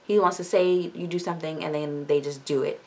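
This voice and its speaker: A young woman hosting a casual book discussion, chatting through a recap with quick quoted asides and casual swearing. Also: low voice, fairly even intonation, darkish tone.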